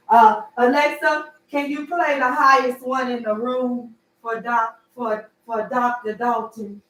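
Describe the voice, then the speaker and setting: A woman chatting on a casual livestream, animated and teasing, jumping between loud outbursts and low murmurs. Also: measured pace. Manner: flirtatious, teasing. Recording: echoey room, far from the mic.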